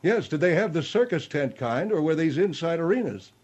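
A man playing a cantankerous, argumentative general who is a guest on a radio talk-show bit, gruff and insulting. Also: on the high side, expressive, a little fast, darkish tone, lo-fi sound. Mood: combative.

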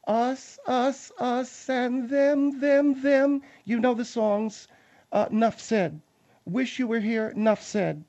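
A man's voice: extremely high pitch, fairly even intonation, slow pace, warm tone, full character voice. A man playing a pompous blustering general. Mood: lecturing. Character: pompous self-assured male general on a radio show.

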